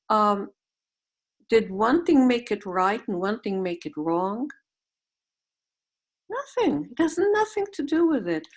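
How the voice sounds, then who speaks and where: A middle-aged woman gives a Zen dharma talk over a video call. She speaks reflectively, telling stories and turning questions back to her listeners. Her voice sits at an ordinary pitch for a woman. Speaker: Zen teacher.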